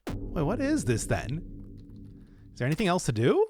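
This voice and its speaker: A man commenting on a puzzle game as he plays, thinking aloud and hesitating, with sudden bursts of excitement. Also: on the high side, moderate pace, over music. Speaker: let's play host. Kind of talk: let's play commentary.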